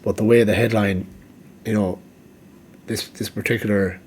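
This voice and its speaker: A man's voice: on the low side, fairly even intonation, moderate pace, slight background noise. A man giving rambling casual commentary, full of ums and restarts, and he is losing his voice. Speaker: MMA vlogger.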